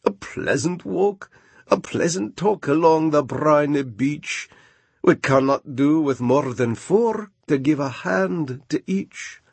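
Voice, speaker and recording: A sly, sentimental old walrus drawls slowly in a coaxing, mock-sorrowful way, voiced by a man reading a storybook. The voice is gravelly and husky, with a lot of rise and fall in pitch. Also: animated, a little mellow, no room sound, full character voice.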